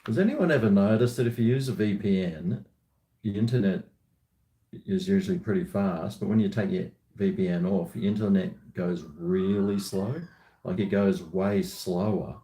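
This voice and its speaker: An Australian man with a low, dark-toned voice chats at normal speed on a live stream from home, drinking and joking with viewers in a laid-back way. The sound is roomy.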